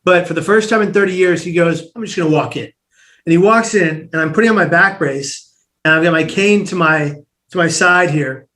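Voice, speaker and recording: A man as an interview guest, telling a personal story in an animated way, acting out the voices of the people in it and often restarting his sentences. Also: high-pitched, moderate pace.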